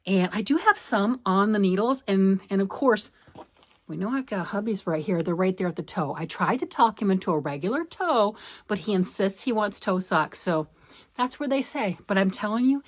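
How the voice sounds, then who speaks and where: A middle-aged woman chatting casually as a knitting vlogger, rambling and talking to herself as she works, a little out of breath. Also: medium pitch. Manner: chatty, rambling, self-talk while working. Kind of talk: casual chat.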